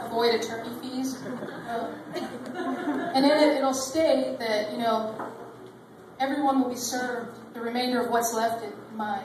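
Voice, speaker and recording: A woman's voice: fairly high pitch, steady tone, slow, pauses often, crowd noise, noisy background. A woman in her thirties doing a rambling, self-deprecating stand-up set on a comedy club stage. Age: 30s. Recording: distant mic in an echoey club. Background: audience laughter.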